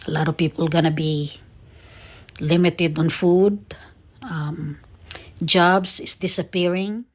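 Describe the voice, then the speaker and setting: An American woman talking earnestly and sadly to her viewers, halting with many fillers and close to tears. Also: low-pitched. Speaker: vlogger. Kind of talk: casual emotional monologue to viewers.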